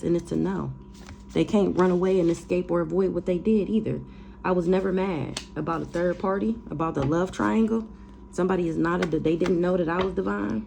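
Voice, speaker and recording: A woman's voice: lowish voice, creaky, background noise. A woman tarot reader ranting casually, blunt, defiant and profane, repeating phrases for emphasis.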